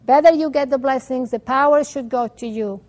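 Lady doing a pushy protective mom in a bible story, high voice, quick and urgent. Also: darkish tone, natural voice. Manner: urgent and insistent. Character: worried, determined mother urging her son.

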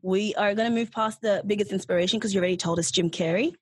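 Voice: medium pitch, steady tone, quick pace, slightly rough, dry recording. Playful interview co-host. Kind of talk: interview hosting.

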